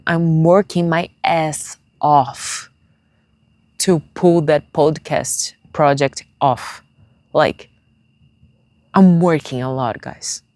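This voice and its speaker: A young woman talking to her viewers in a tearful personal vlog, halting and searching for words in English, which is not her first language. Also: low voice, a little mellow, no room sound. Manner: confiding, speaks straight to viewers. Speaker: vlogger.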